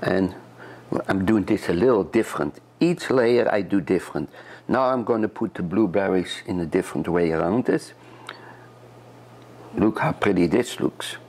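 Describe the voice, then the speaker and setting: A man's voice: deep voice, normal speed, darkish tone. A man from Europe, a chef, chatting step by step through a cooking demonstration in a kitchen and often repeating his words.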